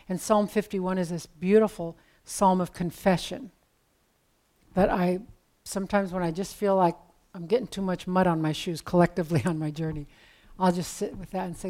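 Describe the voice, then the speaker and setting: A woman's voice: on the low side, fairly even intonation, moderate pace, warm tone. A woman preaching a sermon in a conversational, storytelling way with casual asides.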